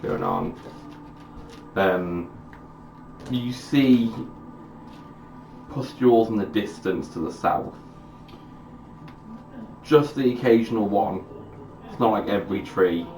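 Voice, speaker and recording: A man's voice: on the low side, big pitch swings, slow pace, creaky, pauses often, a little mellow. A man running a tabletop game, chatting casually and narrating in a laid-back way. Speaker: dungeon master. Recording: roomy distant mic with music.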